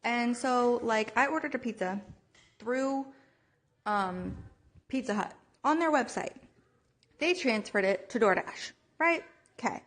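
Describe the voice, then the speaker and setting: Woman with a fairly high voice, podcast co-host, animated profane rant. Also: unhurried, pauses often, a little hiss or hum. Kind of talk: casual ranting story.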